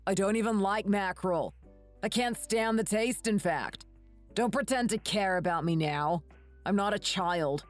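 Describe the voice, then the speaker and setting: A woman voicing a rude, bitter adult son in an animated story, speaking curtly and with contempt. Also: medium pitch, unhurried, faint music behind, close to an everyday voice. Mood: scornful. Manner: curt, contemptuous.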